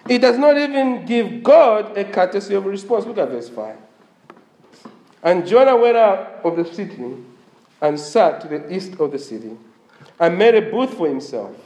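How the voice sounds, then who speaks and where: Animated male preacher in an echoey room. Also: sits high. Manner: animated preaching, asks the congregation questions. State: strained voice. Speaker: pastor. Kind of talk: sermon.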